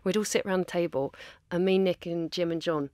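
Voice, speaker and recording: A woman's voice: on the low side, fast, mellow, dry recording, clean studio sound. A woman, a podcast guest chatting and teasingly recalling family moments. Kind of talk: casual chat.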